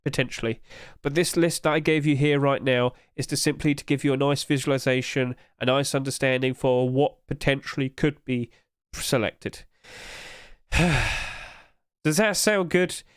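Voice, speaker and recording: A young man, streaming and chatting casually and rambling with animated energy. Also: medium pitch, unhurried, clear, resonant tone, dry recording, clean studio sound. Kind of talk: casual live-stream chat.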